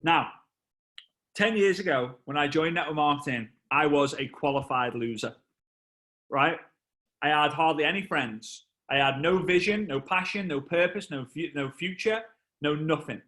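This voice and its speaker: Brief: energetic male speaker, 30s, motivational storytelling, bright and forceful, repeats lines for effect. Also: on the high side, normal speed. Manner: animated, exclamatory, repeats phrases for effect. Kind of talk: motivational storytelling talk to a live online audience.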